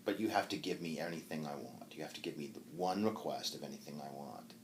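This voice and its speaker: A man's voice: very deep voice, fast talker, a little hiss or hum, pitched below the performer's own voice. A man voicing a shrewd, teasing old woman, a hag, in a retold tale; he speaks slyly and mockingly. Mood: conspiratorial. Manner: sly, mocking.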